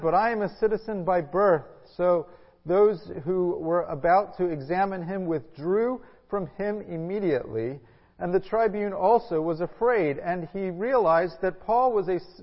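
A man with a fairly high voice preaches with earnest, measured delivery, reading scripture before moving into his sermon. His words ring through a large echoey church hall. The recording is dull and lo-fi. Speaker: pastor.

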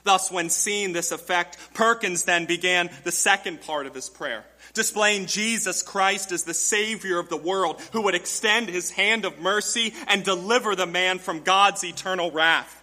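A man's voice: high voice, moderate pace, few pauses, pushed and bright, in a large hall. A man preaching a sermon to his congregation, emphatic, with rhetorical questions and direct address to the church. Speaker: pastor.

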